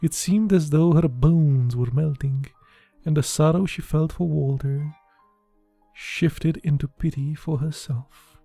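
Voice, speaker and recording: An audiobook narrator reading a literary novel in a measured, even way. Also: medium pitch, vocal fry, dry recording, faint music behind.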